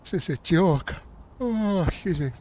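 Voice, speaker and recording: A man's voice: high-pitched, expressive, measured pace, a little mellow, a little hiss or hum. A man streaming a building game, casually muttering to himself and mocking his own frustration. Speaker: gaming streamer. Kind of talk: casual live-stream commentary while building.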